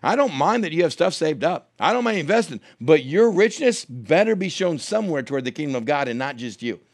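A man's voice: fairly high pitch, very animated, brisk, no echo, clean studio sound. A man in his thirties preaching a sermon, telling a story and acting out the people in it with big jumps in his voice. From United States. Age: 30s. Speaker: pastor.

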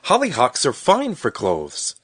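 A man voicing a kind little girl who speaks gently and coaxingly. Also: mid-range voice, huge pitch swings, unhurried, husky, dry recording, studio quality, pitched above the performer's own voice, full character voice. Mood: gentle, coaxing.

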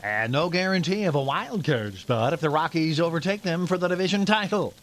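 A man hosting sports talk radio, giving quick news with wry asides. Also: on the high side, expressive.

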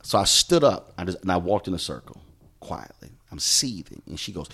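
A middle-aged man from Houston speaks in a deep, low register. His pitch swings widely as he tells emphatic stories from his career, acting out the lines he quotes from others. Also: brisk, vocal fry, breathy edge. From Houston, Texas. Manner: animated, emphatic, acts out quoted dialogue. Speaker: journalist and show host, podcast guest. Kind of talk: conversational storytelling.

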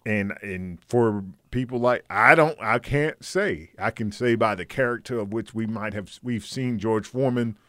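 A male talk radio host who speaks haltingly and gropes for his words in casual discussion. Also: fairly low pitch, fairly bright tone, no echo, studio quality.

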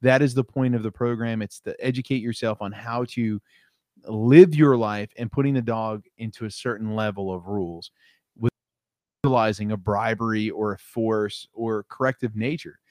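A man's voice: lowish voice, moderate pace, a little mellow, no echo, studio quality. A man hosting an interview who rambles and fills his speech with "like" and "right?". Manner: rambling, uses "like" and "right?" a lot. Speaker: interview host. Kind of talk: casual interview talk.

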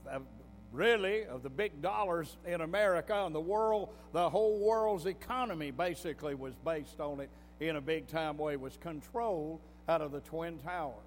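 A man's voice: a little high, slight background noise. A man preaching a sermon in a folksy storytelling manner, breaking into emphatic bursts. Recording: long hall reverb with faint music.

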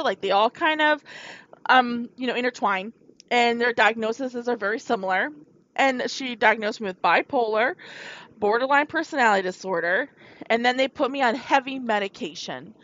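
Bright-voiced woman telling her story. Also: fairly high pitch. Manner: rambling, frank, talks straight to viewers. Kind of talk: candid confessional storytelling. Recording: dull lo-fi recording.

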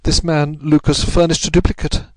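Guy reading as a scared noblewoman owning up to a secret, slightly high voice, dry close sound. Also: little pitch movement, moderate pace, no room sound, close to an everyday voice. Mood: confessing. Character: frightened noblewoman confessing a secret. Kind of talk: audiobook reading of a classic story.

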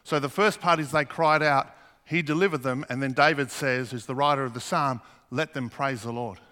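A man's voice: mid-range voice, normal speed, pushed and bright. A man preaching a sermon, earnest, asking the congregation questions as he reads scripture. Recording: long hall reverb.

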